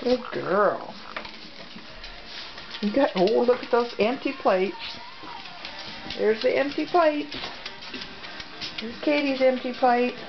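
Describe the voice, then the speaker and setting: Lady baby-talking her dogs, high squeaky voice, bit gravelly, muffled camcorder sound. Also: takes it slowly, long pauses, over music. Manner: cooing sing-song baby talk to dogs. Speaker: dog owner filming her pets. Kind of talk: home video, talking to pets. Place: at home. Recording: dull lo-fi home video with background noise.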